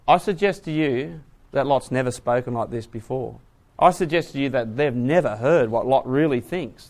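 A male preacher with a fairly high voice teaches a Bible class and calls out questions to his listeners. He moves from quiet, hushed asides to loud, pressing emphasis. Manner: asks the audience questions. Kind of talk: sermon.

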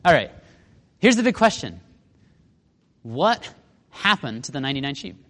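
A man gives a Bible lesson in a chatty, questioning way. His voice sits fairly high and swings widely as he talks. The sound carries a long reverb, as if from a large hall. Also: normal speed. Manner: lively, conversational, asks the listeners questions. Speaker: Bible teacher.

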